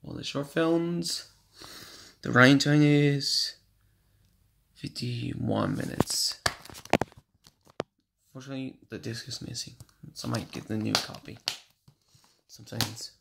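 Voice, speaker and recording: A man at home casually showing off his DVD collection, reading out running times in a halting, stumbling way. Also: mid-range voice, steady tone, gravelly. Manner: shouts at noisy kids, then apologizes. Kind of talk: casual home video show-and-tell. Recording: faint background noise.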